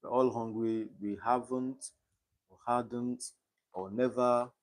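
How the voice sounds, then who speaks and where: A man's voice: mid-range voice, fairly even intonation, takes it slowly. Young man tutoring on a live stream. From Nigeria. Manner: reads quiz options aloud and checks understanding.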